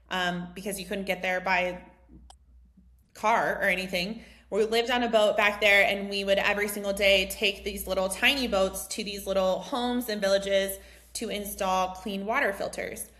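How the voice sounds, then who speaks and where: A woman in her thirties from the United States, a mindset coach telling a personal story in a casual, chatty way, full of "like" and "um". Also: medium pitch. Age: 30s. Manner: chatty, heavy use of "like" and "um", animated retelling. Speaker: mindset coach hosting a group session.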